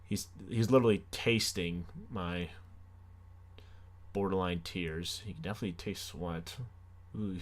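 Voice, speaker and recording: A young man telling a comic story on his podcast, animated and self-mocking, with sarcastic asides. His voice sits fairly low for a man. He swings between hushed lines and excited outbursts. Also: a little slow, long pauses. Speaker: podcast host.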